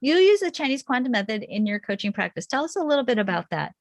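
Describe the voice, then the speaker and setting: A woman's voice: on the high side, sing-song, fast, no room sound. A woman hosting an interview podcast over a video call, asking questions enthusiastically with frequent restarts and affirmations. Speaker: podcast host.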